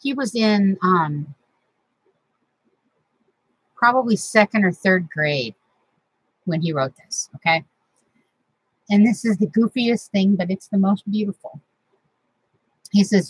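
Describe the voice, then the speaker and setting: A woman's voice: medium pitch, lively intonation, slow, long pauses, breathy edge, no room sound, low-quality recording. A middle-aged woman, chatting casually and sentimentally as host of a crafting vlog from her home craft room.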